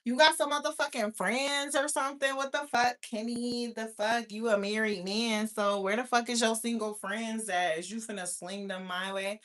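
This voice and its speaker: A woman in her thirties hosting a casual livestream, talking loudly and profanely straight to her viewers, often breaking into laughter. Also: on the high side, fairly even intonation, normal speed, few pauses. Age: 30s. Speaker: livestream host. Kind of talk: casual live chat with viewers.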